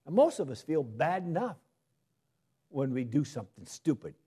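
Male preacher, lively pitch, mellow husky tone, delivers a sermon with swings between loud emphasis and soft asides. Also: moderate pace.

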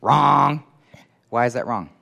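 A man preaching a sermon, emphatic and animated, acting out quoted voices as he teaches. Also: mid-range voice, a little fast.

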